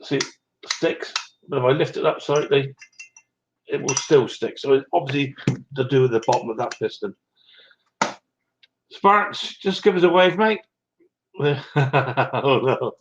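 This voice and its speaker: A man's voice: mid-range voice, unhurried, long pauses, highs cut off, background noise. A man hosting a live stream, chatting casually and greeting viewers by name with little chuckles, a bit short of breath. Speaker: livestream host. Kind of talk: casual chat reading out live comments.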